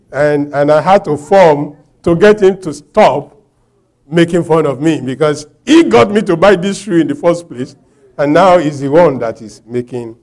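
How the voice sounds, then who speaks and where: A Nigerian man preaching a sermon, telling a personal story with laughter and shouted quotes. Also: fairly high pitch.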